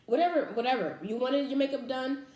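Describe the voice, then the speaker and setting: A woman's voice: high voice, fairly quick, a little mellow, echoey room. A young woman vlogger telling a personal faith story in casual talk, earnest and emotional, full of fillers and restarts.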